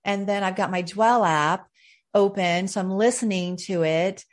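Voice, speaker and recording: Female podcast host, mid-pitch voice, reflective conversational delivery, faith interview. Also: a little slow. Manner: warm-hearted, reflective, with frequent fillers.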